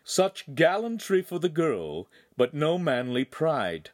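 A man's voice: on the high side, sing-song, takes it slowly, no echo, clean studio sound, pitched above the performer's own voice. A man voicing an arrogant young swordsman villain, mocking and cruel in an audiobook. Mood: sneering. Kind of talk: audiobook narration.

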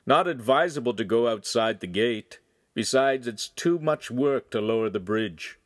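A man's voice: medium pitch, expressive, measured pace, dry recording, clean studio sound, lightly acted. A man voicing a friendly, curious male city guard in a storybook.

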